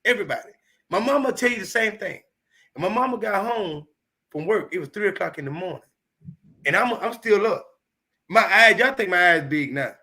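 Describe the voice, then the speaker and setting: A man in his fifties from Chicago, speaking with a high, bright voice. He tells stories from his childhood in a lively, swearing, emphatic manner and keeps pressing each point hard. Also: fairly quick, long pauses. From Chicago, United States. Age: 50s. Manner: animated, profane, emphatic. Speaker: comedian guest. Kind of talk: candid storytelling.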